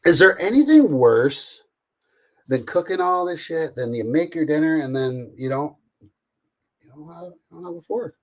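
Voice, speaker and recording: A man's voice: on the high side, expressive, a little slow. Chatty, profane middle-aged man streaming. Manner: chatty, profane, talks to viewers by name. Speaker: livestreamer cooking while reading chat. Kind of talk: casual live-stream chat.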